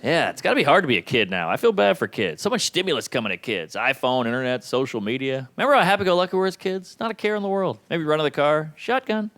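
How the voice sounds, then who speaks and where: A man in his thirties performing a stand-up comedy set with dark, deadpan punchlines. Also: on the high side, fast, hardly any pauses. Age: 30s. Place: comedy stage before an audience. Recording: live show with crowd laughter.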